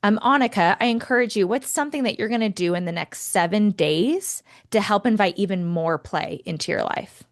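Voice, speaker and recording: A young woman co-hosting a life-coaching podcast chats casually in a middle-pitched voice, laughing readily and cheering listeners on to take action and make small commitments. She speaks a bit fast and barely pauses, with an encouraging, animated manner.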